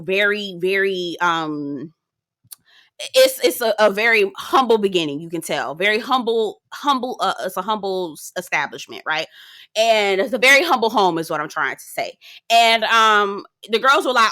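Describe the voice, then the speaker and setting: A woman's voice: medium pitch, bright, forceful tone, dry recording, clean studio sound. A woman giving a sassy, profanity-laced casual recap of a TV show, laughing often as she talks. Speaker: TV recap reviewer. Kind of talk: casual commentary.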